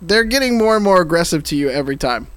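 A man narrating and running a tabletop game as game master, relaxed and rambling, laughing often. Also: fairly high pitch, fast, clean tone.

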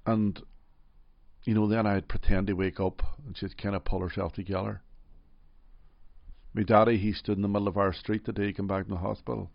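A middle-aged man with a soft Derry accent speaks slowly through a deep, gravelly voice. He tells his story gently and reflectively, sprinkling in "you know" as he goes. The recording is dry and a little muffled. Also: little pitch movement, dry recording. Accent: Derry, Northern Irish. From Northern Ireland. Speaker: interview guest. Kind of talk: personal storytelling in an interview.

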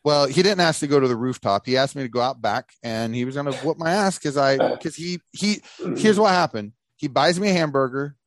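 A man hosting a podcast, telling a story in casual chat and acting out the people he quotes in a higher voice. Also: brisk, no echo. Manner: animated, acts out quoted voices in a high pitch.

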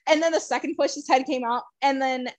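Woman, podcast guest, casual storyteller, slightly high voice, dry close sound, emotional and laugh-prone. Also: a little fast, no room sound. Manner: chatty, many "like" fillers, laughs often; emotional, swings between excited and hushed.

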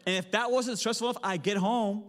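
A man in his thirties delivers a sermon from the stage of a church sanctuary. His voice sits a little high and moves from loud, lively storytelling to hushed, serious moments. Long reverb from the large hall trails behind his words. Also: brisk. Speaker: pastor.

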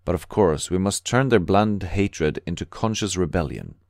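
A low, urgent emigrant radical confides his plans in a dead-dry audiobook reading, voiced by a man. He sounds earnest and secretive, pressing each point. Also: moderate pace, a little mellow, no room sound. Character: emigrant anarchist bookseller, earnest, conspiratorial man.

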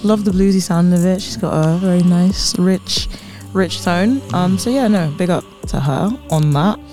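A man's voice: sits high, normal speed, darkish tone. A man co-hosting a podcast, chatting casually about new music with many ums and yeah-no fillers. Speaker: podcast co-host.

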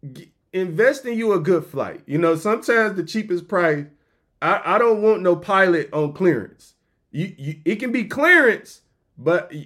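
Animated podcast host, higher voice. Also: male voice. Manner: animated, joking, slangy, acts out voices. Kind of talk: comedic motivational storytelling.

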